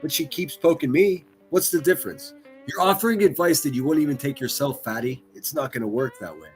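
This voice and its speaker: A man's voice: on the high side, expressive, a little fast, soft background music. A man hosting a stream, ranting crudely and mocking people in exasperated bursts. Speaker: streamer host.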